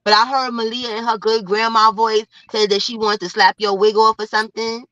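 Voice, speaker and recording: A woman rambling through a casual live-stream chat in loose slang, checking in with her listeners again and again. Her voice is bright and a little sharp, and sits a touch high. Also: level tone, a little fast, no echo, muffled recording. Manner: rambling, slangy, repeats "you know what I'm saying". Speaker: co-host.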